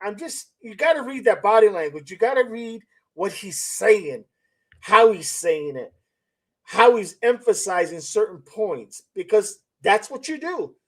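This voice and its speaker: A man with a fairly high voice hosts a live-stream commentary. He talks skeptically, circling back to the same points and throwing out rhetorical questions. Now and then he reads comments from viewers aloud. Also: sing-song, unhurried, low-quality recording. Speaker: channel host.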